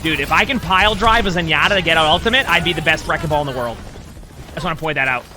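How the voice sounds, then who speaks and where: A man's voice: a little high, rapid-fire, noisy background. A man giving casual commentary and coaching tips while he watches a player's match, chatty and repeating himself often. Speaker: streamer coaching a spectated player.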